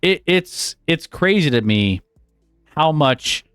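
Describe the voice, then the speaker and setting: A man's voice: on the high side, sing-song, takes it slowly, fairly bright tone, smooth, no room sound, studio quality, faint music behind. A man co-hosting a sports talk show, thinking aloud in a tentative, meandering way. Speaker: sports podcast co-host. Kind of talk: casual sports debate.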